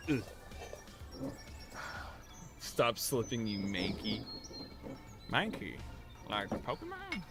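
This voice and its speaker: Animated male streamer muttering over game music. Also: medium pitch, very slow, long pauses. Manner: self-mocking, frustrated muttering. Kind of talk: casual live-stream gameplay commentary.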